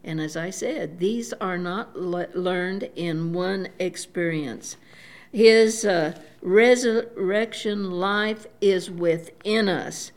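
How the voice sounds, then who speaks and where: An elderly woman giving a devout sermon, unhurried, often saying praise the Lord and pausing with fillers. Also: on the low side. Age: older. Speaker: preacher.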